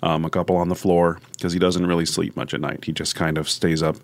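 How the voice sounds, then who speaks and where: A man's voice: sits low, flat delivery, fairly quick, vocal fry, no room sound. A man playing a tabletop game, joking and narrating what his character does. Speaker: player. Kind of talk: casual tabletop game play.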